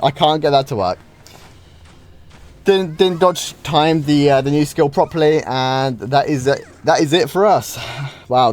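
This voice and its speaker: A British gaming streamer talks casually over his own live duels, his voice sitting on the high side with a darkish tone. He reacts often, lets out frequent wows, and keeps restarting sentences. Faint game music plays behind him.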